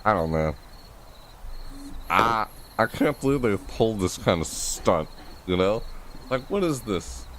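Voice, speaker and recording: A man's voice: lowish voice, a little slow, pauses often, a little hiss or hum. A man live-streaming from his bedroom, chatting casually and repetitively to viewers while lying on his bed, with his microphone gain turned all the way up. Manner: rambling, repetitive, animated, often yelling to chat. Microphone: desk mic with gain turned all the way up.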